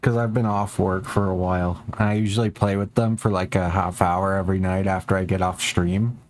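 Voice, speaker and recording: A man's voice: little pitch movement, brisk. A young man streaming a game, chatting casually and rambling, swearing a lot and talking to his cats. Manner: rambling, profane, talks to his cats in a high baby voice.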